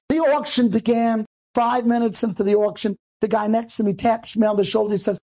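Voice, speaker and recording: Male rabbi storyteller, high mellow voice, lively acted-out dialogue, lo-fi dull recording. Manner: animated, acts out dialogue in quick bursts. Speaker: rabbi telling a personal story. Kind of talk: storytelling to an audience.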